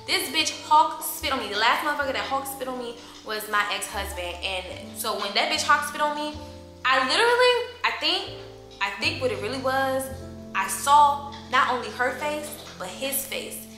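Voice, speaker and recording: A woman vlogger in telling a story to the camera in a lively, profane way, acting out what others said. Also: sits high, normal speed. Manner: animated, profane, acts out quoted voices. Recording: echoey room with loud music behind.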